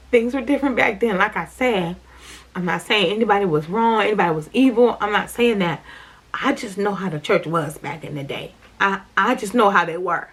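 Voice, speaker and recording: A woman's voice: medium pitch, a little fast, fairly bright tone, slightly rough. A middle-aged woman telling her viewers a personal church testimony in an earnest way, repeating her key lines. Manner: earnest and repetitive, speaking straight to viewers. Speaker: vlogger sharing her faith journey.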